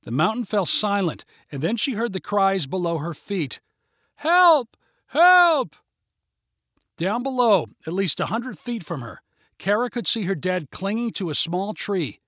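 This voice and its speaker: A man narrating a children's adventure story in a measured, even reading. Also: high voice, no room sound, clean studio sound.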